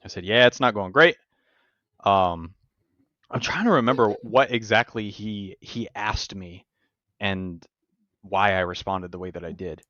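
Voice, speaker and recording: A man hosting a podcast, telling stories in casual, profane, animated chat. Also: lowish voice, measured pace, pauses often, no room sound, highs cut off. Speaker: podcast host.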